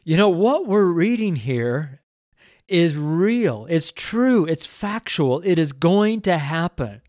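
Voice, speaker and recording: A man's voice: on the high side, big pitch swings, takes it slowly, a little mellow, no echo, clean studio sound. Earnest, emotional middle-aged man reading scripture. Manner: reads scripture aloud with rising fervor. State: choked up at times. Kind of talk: Bible reading with devotional commentary.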